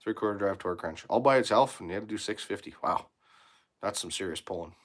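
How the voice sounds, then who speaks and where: A man's voice: on the low side, quick pace, a bit bright. A man, a mechanic in his workshop, chatting casually on a live stream, reading viewer comments aloud and swearing freely as he rambles about tools. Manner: blunt, swears freely, rambling shop talk. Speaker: mechanic livestreaming from his shop.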